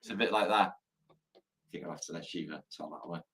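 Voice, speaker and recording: A man's voice: deep voice, quick pace, fairly bright tone. A man hosting a live stream, chatting casually, swearing freely and telling dad jokes. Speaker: livestream host.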